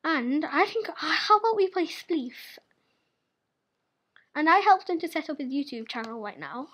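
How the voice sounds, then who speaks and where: High-voiced chatty girl gamer. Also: expressive, moderate pace, fairly bright tone. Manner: chatty, giggly, teasing. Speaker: gaming channel host. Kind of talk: casual gaming commentary.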